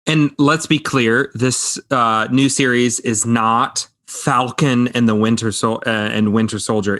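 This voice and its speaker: A man in his thirties co-hosting a podcast in casual chat, animated and quick with asides. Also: mid-range voice. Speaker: podcast co-host.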